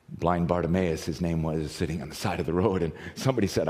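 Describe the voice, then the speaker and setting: A man from the United States preaching a sermon, telling stories with animated swings from loud to hushed. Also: low-pitched, fast talker. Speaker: pastor. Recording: long reverb of a large hall.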